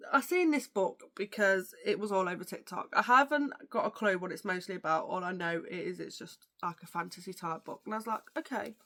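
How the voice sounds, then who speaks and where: A woman's voice: medium pitch, bright, forceful tone. A young woman, talking casually as a book vlogger. She is chatty and gushing, with lots of fillers, and sounds tired, yawning now and then. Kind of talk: casual chat about books.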